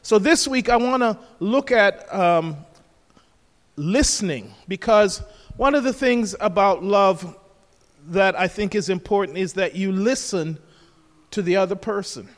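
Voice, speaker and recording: A man's voice: high-pitched, lively intonation, a little slow. A man preaching a sermon, emphatic, repeating key phrases and asking rhetorical questions. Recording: long hall reverb.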